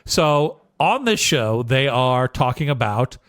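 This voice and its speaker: Animated male podcast storyteller, dry sound. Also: mid-range voice, takes it slowly, no echo. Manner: animated storyteller, rhetorical "okay?" check-ins. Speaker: podcast co-host. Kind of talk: casual podcast chat, storytelling.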